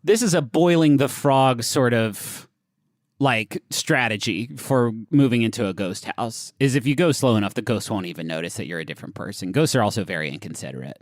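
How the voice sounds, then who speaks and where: A man's voice: fairly quick, dry recording, clean studio sound. A man co-hosting a comedy podcast, reading an advice article aloud with jokey, swinging delivery. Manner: animated, jokey, swings between high and low pitch while reading aloud. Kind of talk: casual comedic podcast banter.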